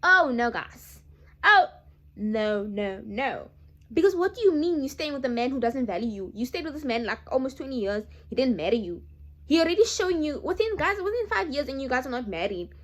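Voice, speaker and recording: A woman's voice: sits high, brisk. A young woman, chatting emphatically to her viewers in a vlog. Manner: emphatic, animated, addresses viewers as guys. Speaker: vlogger. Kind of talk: casual chat to camera.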